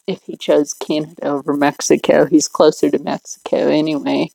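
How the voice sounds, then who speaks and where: A woman's voice: low-pitched, level tone, normal speed, vocal fry, few pauses, warm tone, no room sound, rough recording. A middle-aged woman hosting a livestream, rambling along in casual chat and laughing often. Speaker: livestream host.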